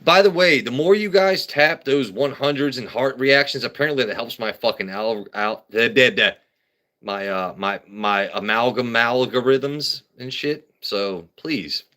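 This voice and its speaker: Bright-voiced man riffing on a livestream. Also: medium pitch, a little slow. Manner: rambling, riffing with stammered restarts. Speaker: livestream host. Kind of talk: casual livestream comedy chat.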